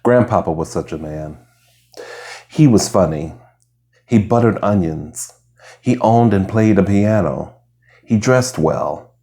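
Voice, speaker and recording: A man reading essays aloud in a soft ASMR style, hushed and slow, sometimes slipping into a whisper. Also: deep voice, expressive. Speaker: reader. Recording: lo-fi home recording.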